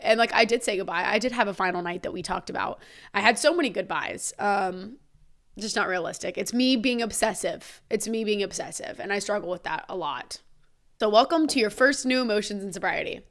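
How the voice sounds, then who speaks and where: A young woman hosting a solo podcast and talking straight to her listeners. She speaks bluntly and candidly, and she swears freely. Her pitch sits in the middle range for a woman. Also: a bit bright. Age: young adult. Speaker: podcast host.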